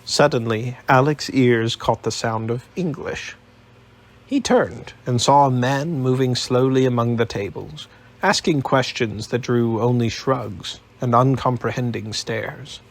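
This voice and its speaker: A man narrating an audiobook in a steady, even storytelling manner. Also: medium pitch, unhurried, gravelly.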